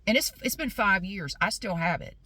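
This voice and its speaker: A woman's voice: mid-range voice, expressive, moderate pace, bright, forceful tone, slightly rough, dry recording. A woman telling a story in a casual vlog, speaking bluntly and with indignation. She drives her points home by repeating them. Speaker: vlogger.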